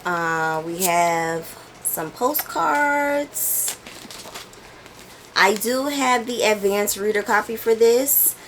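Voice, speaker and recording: Young woman, chatty book vlogger, talks slow and easy, bit of faint noise behind. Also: mid-range voice. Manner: chatty, animated, breaks into laughs. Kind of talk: casual chat. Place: home, indoors.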